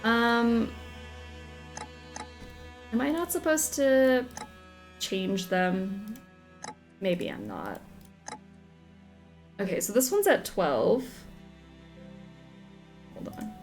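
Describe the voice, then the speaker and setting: A woman's voice: a little high, very animated, extremely slow, long pauses, faint music behind. A young woman chatting through a video game playthrough, giggly and second-guessing herself. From Southern United States. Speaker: game streamer. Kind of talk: casual let's-play commentary.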